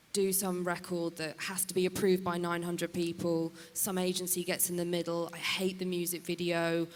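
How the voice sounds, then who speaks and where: A woman artist manager speaking frankly and emphatically on a conference panel. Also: fairly low pitch. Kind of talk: panel discussion. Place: conference stage in a large hall. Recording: hall reverb, faint noise.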